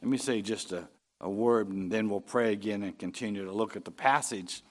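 A man preaching a sermon, reading scripture aloud and rising in pitch and force on key phrases. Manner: unhurried preaching, swelling louder and higher on key phrases. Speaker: pastor.

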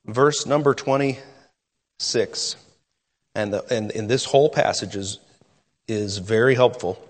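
A man's voice: on the low side, takes it slowly, big-room sound. A man preaching a sermon as pastor, emphatic and full of rhetorical questions, often restarting his sentences.

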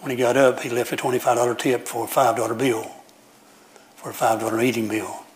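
A man's voice: medium pitch, level tone, brisk. Folksy male preacher mid-sermon. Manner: folksy storytelling with frequent restarts and repetition.

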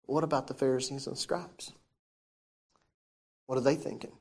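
Preacher, mid-range voice, reads scripture then unpacks it with questions to the room, swings from loud to hushed. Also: medium pitch, fairly even intonation, moderate pace. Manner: reads old-style scripture aloud, then explains it with questions to the listeners; shifts often between loud emphasis and soft, hushed delivery. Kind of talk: sermon with scripture reading.

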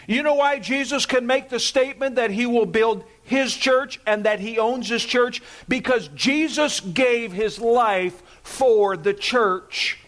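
A man's voice: extremely high pitch, slow pace, few pauses, fairly bright tone. A man preaching a sermon as pastor, emphatic, repeating key phrases and asking the congregation to say words with him.

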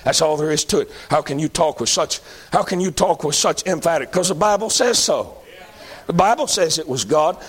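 A man with a high, tenor-ish voice preaches. His delivery is folksy and conversational, rising into emphatic, repeated declarations. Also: expressive, normal speed, breathy edge. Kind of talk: sermon.

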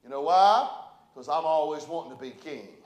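A man preaching a sermon as pastor, moving between quiet, close talk and loud, impassioned calls. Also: mid-range voice, fast, reverberant, low-quality recording. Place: church sanctuary.

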